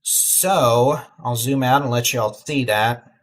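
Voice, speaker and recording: A middle-aged man with a drawl talks through live storm radar, easygoing and folksy. His voice sits at an ordinary pitch, and he turns urgent when he tells people to take shelter. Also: slow. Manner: relaxed, folksy, urgent warnings. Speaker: weather livestream host. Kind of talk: live severe weather commentary.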